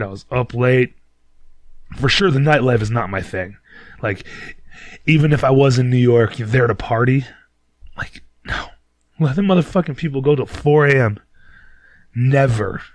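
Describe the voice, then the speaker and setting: A man's voice: medium pitch, dry recording. A man from Detroit, a podcast host who tells a story in a casual, rambling, profane way. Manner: profane, rambling, laid-back.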